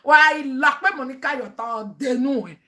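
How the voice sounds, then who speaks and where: A woman's voice: high-pitched, normal speed, pushed and bright. A woman with a Nigerian accent, a mother chatting animatedly in a family vlog, laughing often and mixing English with pidgin.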